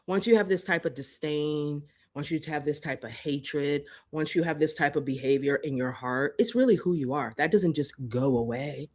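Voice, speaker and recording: A woman's voice: deep voice, moderate pace, hardly any pauses, darkish tone. A woman hosting a live-stream commentary, heated and profane, hammering her points with repeated rhetorical jabs into a phone. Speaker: host.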